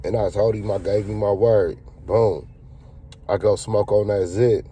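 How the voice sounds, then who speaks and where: A man's voice: lowish voice, fairly even intonation, a little slow, warm tone, husky. A man telling a casual story in a slangy, profane, laid-back way.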